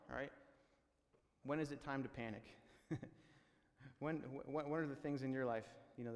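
A man preaching a sermon in a loose, conversational way, with many fillers and restarts, sometimes building to excited exclamations. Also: medium pitch, long reverb tail. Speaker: pastor.

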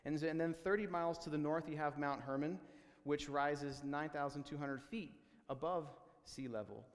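A man delivers a sermon in an easygoing, talky way, stumbling over restarts and fillers before climbing into animated, urgent outbursts. His voice sits a little high for a man. The sound rings with the long reverb of a large hall. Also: normal speed. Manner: conversational preaching, many fillers and restarts, rising to excited exclamations. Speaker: pastor.

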